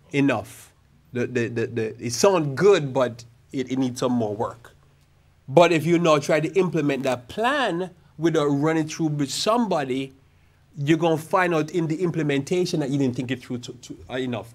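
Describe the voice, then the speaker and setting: A man preaching a sermon as a pastor, speaking casually with stories and slow, stretched emphasis on key phrases. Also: medium pitch. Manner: conversational preaching with church storytelling asides. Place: church sanctuary.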